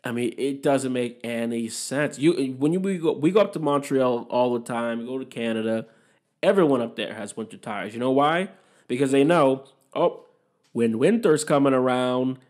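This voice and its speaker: A young man rambles through a casual solo podcast monologue. His voice sits at a middle pitch, and he swears freely as he airs his opinions. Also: normal speed, darkish tone. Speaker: podcast host.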